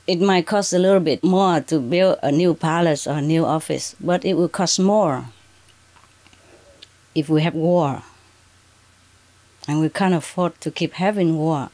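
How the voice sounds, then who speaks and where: A woman spiritual teacher addressing an audience under bright spotlights, speaking in halting, broken English with frequent "okay" and "huh". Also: low voice. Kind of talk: addressing an audience from a prepared reading.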